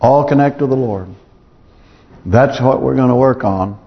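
A pastor preaches a sermon in a church sanctuary, earnest and pleading, repeating phrases for emphasis. The man's mid-range voice is unhurried. The audio sounds dull, with long hall reverb and a little hiss or hum.

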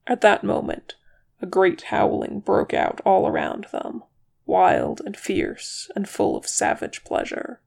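A reader narrating fan fiction aloud in a steady, even manner. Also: mid-range voice, slow, gravelly. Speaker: audiobook reader.

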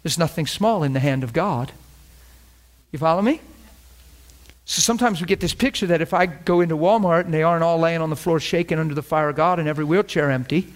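A man's voice: on the high side, a little fast. A middle-aged man preaching a sermon, telling a story and acting out the dialogue.

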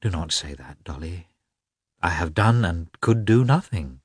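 A man reading the part of an emotional, tearful young noblewoman, his voice lifting high and tremulous as she confides. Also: lively intonation, unhurried, husky, dry recording, clean studio sound, exaggerated voice. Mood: earnest, tearful.

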